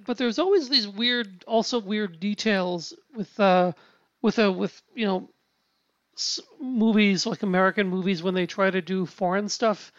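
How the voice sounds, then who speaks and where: A man chatting casually about a film, halting often with restarts, fillers and casual swearing. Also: high-pitched, a bit bright, dry recording. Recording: dull lo-fi sound.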